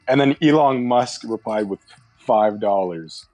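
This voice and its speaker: A man's voice: mid-range voice, a little slow, mellow. A young man chats on a podcast call, retelling a story in a loose, trailing way with fillers. His voice sits mid-range. Faint music hums in the background. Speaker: podcast co-host. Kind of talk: casual chat.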